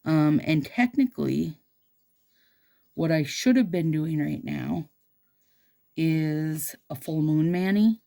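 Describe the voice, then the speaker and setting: Speaking slowly with frequent pauses, this woman has a low-pitched, creaky, dark voice. She's a nail stylist vlogging about her nails, bubbly and chatty, addressing her viewers directly as "you guys."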